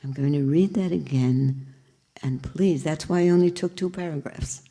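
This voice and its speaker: An older woman teaching a group in a spiritual talk, reflective and questioning with gentle humor. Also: deep voice, moderate pace, slightly rough.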